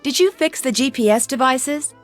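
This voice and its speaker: A woman's voice: sits high, moderate pace, faint music behind, natural voice. Nancy Drew, as a woman voices her. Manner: polite, earnest and matter-of-fact. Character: young woman detective, polite and determined. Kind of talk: video game voice acting.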